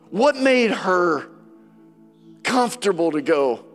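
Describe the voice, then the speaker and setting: A man preaching a sermon as pastor, passionate, swinging between loud declarations and hushed quotes from scripture. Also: on the high side, lively intonation, slow. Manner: passionate preaching, voice rising and dropping, quoting scripture dramatically. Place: church sanctuary. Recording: church hall with long reverb and faint music.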